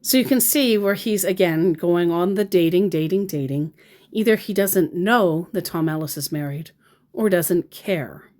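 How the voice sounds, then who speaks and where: A woman's voice: lowish voice, measured pace, darkish tone. A woman in casual commentary on scam chats, sarcastic and laughing often. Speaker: scambaiter vlogger.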